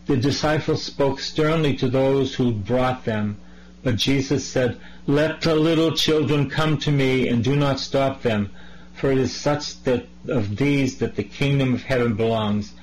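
A man's voice: mid-range voice, unhurried, low-quality recording. Man preaching a sermon over faint hum. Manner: reads scripture then explains it in a conversational way, with some false starts.

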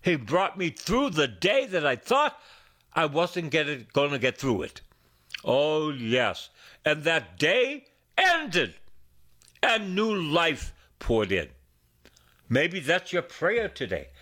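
A man's voice: huge pitch swings, bright, forceful tone. A middle-aged man preaching a sermon as a priest, with emphatic repetition and wide swings of his voice. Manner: slow, sweeping pitch swings with emphatic repetition.

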